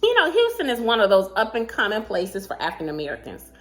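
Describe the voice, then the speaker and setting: A woman vlogger telling a dating story in a casual storytime, sassy and animated, often laughing as she acts out both sides of the chat. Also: medium pitch, quick pace, faint music behind.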